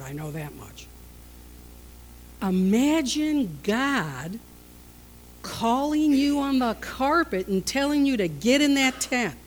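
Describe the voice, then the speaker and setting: A woman pastor preaching a sermon, telling stories and acting out the characters with lively shifts in voice. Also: rough recording. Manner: storytelling, acting out scenes with shifts in pitch and loudness.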